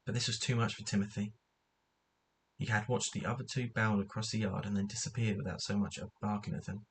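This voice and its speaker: A man's voice: fairly low pitch, little pitch movement, brisk, fairly bright tone, slight background noise, low-quality recording. A man reading a children's book aloud, stumbling now and then and correcting himself as he goes. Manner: unrehearsed reading with slips and self-corrections. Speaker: narrator.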